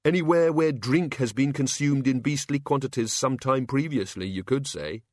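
A man's voice: medium pitch, moderate pace, no echo, clean studio sound, pitched above the performer's own voice, lightly acted. A man doing a bewildered god of hangovers. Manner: vague, hesitant and polite. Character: bewildered male god of hangovers, mild and sorry.

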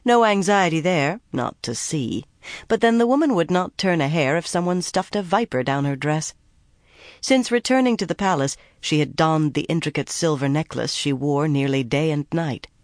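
An audiobook narrator reads a fantasy novel as scripted narration, keeping the storytelling measured and even. The mid-range voice is recorded dry with clean studio sound.

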